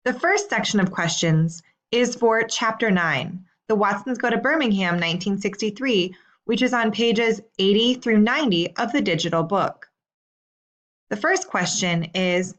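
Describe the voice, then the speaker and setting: A woman teacher reading out homework questions in a slow, clear, deliberate way. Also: mid-range voice, animated, fairly bright tone. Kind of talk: recorded assignment instructions.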